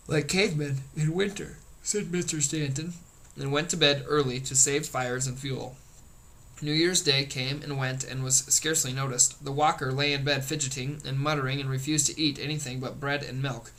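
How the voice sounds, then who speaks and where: A man reading a novel aloud in a steady voice, with occasional slips and restarts. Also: medium pitch, rough recording. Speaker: audiobook reader.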